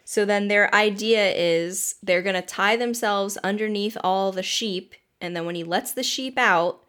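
A woman's voice: medium pitch, unhurried, fairly bright tone. A woman co-hosting a casual book discussion. She laughs often and makes joking, mock-exasperated asides as she retells the story.

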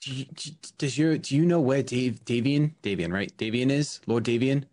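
A man's voice: mid-range voice, normal speed, a little mellow. A man playing in a tabletop game, hesitantly describing what his character does. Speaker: player. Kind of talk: casual tabletop play.

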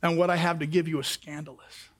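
A man voicing Jesus as a gentle, tender adult man, speaking low and hushed in a sermon. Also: little pitch movement, fast talker, lightly acted.

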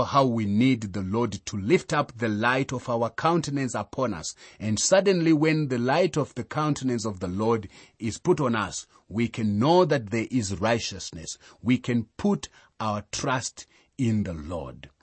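Slow, husky-voiced male preacher. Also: mid-range voice, no echo. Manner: slow, measured, reads scripture aloud then explains. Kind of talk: sermon.

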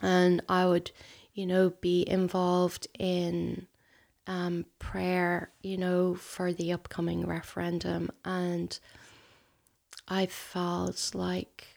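Soft-spoken woman with a gravelly edge. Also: lowish voice, completely flat delivery, slow pace. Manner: soft, hesitant, often breathy and near-whispered. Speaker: guest sharing a personal story. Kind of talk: intimate conversation.

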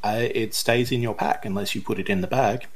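A man's voice: fairly low pitch, fairly even intonation, brisk. A man narrating and ruling as game master in a tabletop role-playing game.

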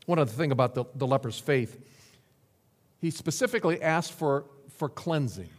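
Guy preaching a sermon, kinda high voice, big echo like a church hall, really punches the lists. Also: lively intonation, moderate pace. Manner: dramatic preaching with sweeping pitch and emphatic repetition. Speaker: pastor. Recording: long hall reverb.

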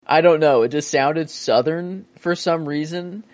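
In an unhurried, fairly high and slightly mellow voice, a man co-hosting a podcast recounts a movie scene in casual discussion. He rambles and hesitates, using lots of fillers, and the recording is dry.

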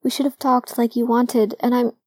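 A woman voicing Logan, a young man who is emotional, hoarse and crying as he pleads. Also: high-pitched, flat delivery, normal speed, warm tone, no echo, voice pushed up. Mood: anguished.

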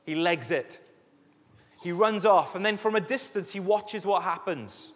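A man preaching a sermon as a pastor, telling Bible stories in a lively way and acting out the scenes. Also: sits high, a little slow. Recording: echoey hall reverb.

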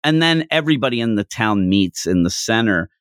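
Lively man retelling a story, dry close mic. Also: fairly low pitch, brisk, no room sound. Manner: animated storyteller who acts out the characters' lines. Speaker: podcast host. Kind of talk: casual chat retelling a manga chapter.

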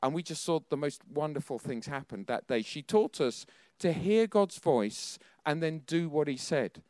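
Chatty male preacher, light high voice. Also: animated, moderate pace, darkish tone, dry recording, studio quality. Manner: self-deprecating, chatty, with nervous laughs. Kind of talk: sermon with personal storytelling.

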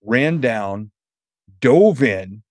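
An animated middle-aged man spinning a personal story as a podcast guest, slipping into quick voices for the people he quotes. His voice sits at an ordinary male pitch, and the recording is dry with no room sound. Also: no echo. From New Hampshire. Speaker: motivational speaker and coach.

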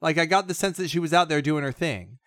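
Excitable, rambling man in dry chat. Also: a little high, fast, no room sound. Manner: rambling, excitable, restarts and asides. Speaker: podcast co-host. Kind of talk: casual chat.

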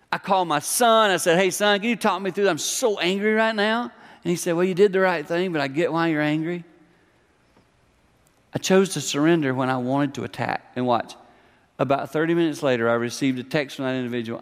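A middle-aged man preaches to a congregation in a church hall. His voice sits a little high, and he talks in a conversational yet emphatic way, slipping into the voices of the people he quotes. A long reverb from the hall trails behind his words. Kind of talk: sermon.

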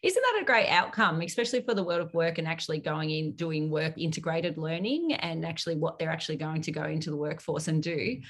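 A woman's voice: sits low, lively intonation, a little fast, hardly any pauses, fairly bright tone. A woman interviewing a guest, asking long questions and giving encouraging affirmations. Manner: encouraging, lots of short affirmations. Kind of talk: conversational interview.

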